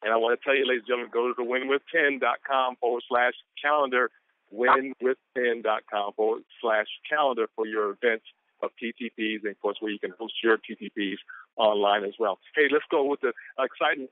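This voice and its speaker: A man presenting on a motivational conference call, excitable and whooping between quotes. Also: medium pitch, a little fast, dry recording. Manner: excitable, hollers woo. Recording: tinny phone line.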